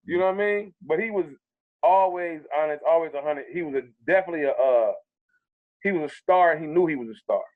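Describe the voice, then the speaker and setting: A man with a fairly high voice, telling stories in an animated, profane way and acting out the people in them. His voice comes through tinny and thin, like over a phone line. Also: quick pace. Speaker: comedian guest. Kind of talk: casual storytelling interview.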